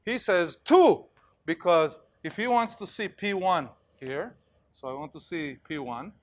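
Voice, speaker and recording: A male university lecturer giving an animated lecture in a hall, telling stories and acting out examples with plenty of fillers. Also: fairly high pitch, measured pace. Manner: animated storytelling, acts out cheers, many fillers.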